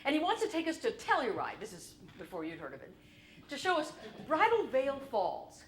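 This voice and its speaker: A woman performing a solo stage show, telling her family story in an animated, comic, wry way. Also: sits high, moderate pace, a little hiss or hum. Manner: animated, comic, shifts between wry and loud.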